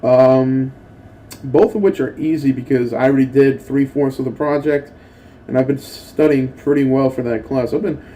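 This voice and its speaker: A man's voice: mid-range voice, normal speed, slight background noise, poor audio. A young man in casual gameplay commentary, rambling and swearing as he tells stories between moves. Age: young adult. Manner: rambling and profane, with excitable acted-out quotes. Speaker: gaming channel host.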